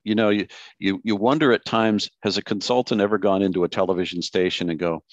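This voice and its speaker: Deep-voiced older man, wry and jokey. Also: a little fast, no echo, muffled recording. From Seattle area, United States. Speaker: retired news anchor. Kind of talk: casual interview chat.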